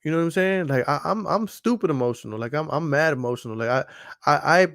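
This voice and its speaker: A man's voice: fairly high pitch, animated, quick pace, gravelly, a bit bright, no echo. Profane rambling man, dry sound. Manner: profane, rambling, keeps asking "you know what I'm saying". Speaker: podcast host. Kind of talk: casual chat on a livestream.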